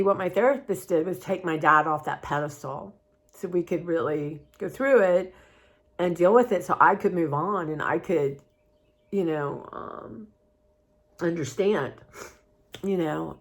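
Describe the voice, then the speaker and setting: A woman's voice: on the low side, measured pace. A woman talking candidly in a personal vlog, rambling and heartfelt in a confiding way. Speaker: vlogger.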